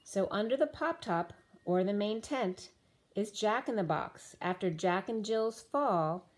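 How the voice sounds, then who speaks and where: Unhurried and lively in intonation, a woman with a mid-range voice offers a spiritual tarot reading. She free-associates in a dreamy way, slipping in rhyming asides, though her voice is beginning to go.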